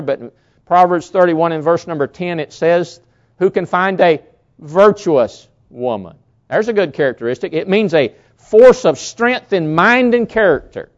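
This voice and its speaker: A man preaching a sermon in a slightly raised voice, leaning hard on key words and repeating them for weight. He drops to a near hush and then rises again. The recording is dull and lo-fi. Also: a little high. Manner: emphatic preaching, repeats key words, swings between loud and hushed. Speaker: pastor.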